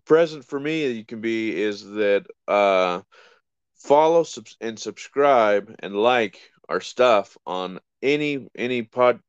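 Podcast co-host, a man with a low, smooth voice, laid-back and blunt, recorded dry and close. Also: no echo. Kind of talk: casual podcast chat. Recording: slightly dull, lo-fi sound.

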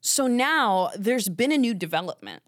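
A woman's voice: mid-range voice, normal speed, dry recording. Chatty rambling woman podcast host, dry sound. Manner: rambling, animated storytelling with asides. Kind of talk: casual chat.

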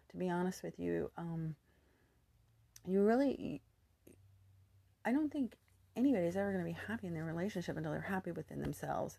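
A woman's voice: on the low side, vocal fry, a little mellow, no room sound. A woman in her fifties with a youthful-sounding voice, telling a personal story candidly with rambling asides and restarts. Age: 50s.

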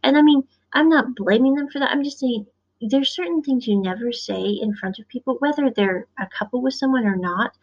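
A show reviewer from the Midwest talks a little fast in a fairly high voice, rambling chattily through an episode recap. She acts out quotes, and the recording is dull and lo-fi.

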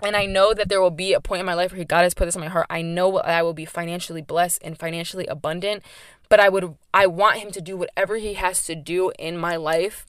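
A woman's voice: fairly low pitch, steady tone, fairly quick, clear, resonant tone, no echo, studio quality. A young woman hosting her own podcast, talking candidly and emphatically about faith with lots of "like" in her speech. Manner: candid, chatty, emphatic with frequent "like". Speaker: podcast host. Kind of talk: personal faith podcast monologue.

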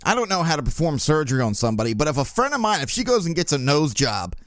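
A man hosting a podcast, telling stories in a casual, profane, animated way. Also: on the high side, quick pace, dry recording, studio quality. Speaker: podcast host. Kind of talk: casual monologue.

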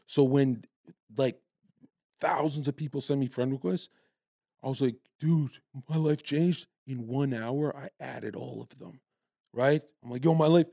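A young man in his twenties from Canada, telling stories in a brash, profane, animated way as a guest in a casual podcast chat. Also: mid-range voice, unhurried, vocal fry, no echo, studio quality.

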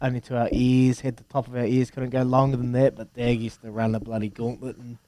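A man's voice: mid-range voice, flat delivery, brisk, warm tone, no room sound. A man in his thirties with a New Zealand accent, co-hosting breakfast radio in a jokey, storytelling chat. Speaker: radio co-host. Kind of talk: casual breakfast radio banter.

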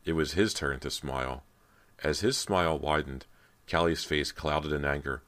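A man's voice: rumbling low, moderate pace, a bit bright. A man narrating a horror audiobook in a dramatic storytelling manner. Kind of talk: scripted narration.

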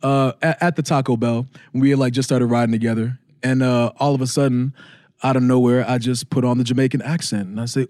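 Animated, laughing male storyteller. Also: mid-range voice, fast, dry recording, clean studio sound. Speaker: podcast co-host. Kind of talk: casual chat.

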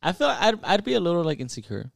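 Young man, hesitant talker, lively intonation, dry sound. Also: high-pitched, fast, gravelly, dry recording. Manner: hesitant, trails off and restarts. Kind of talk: casual podcast chat.

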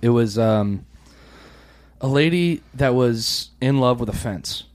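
Male co-host, casual comedy podcast, joking storyteller, casual swearing, mid-pitched. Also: animated, takes it slowly.

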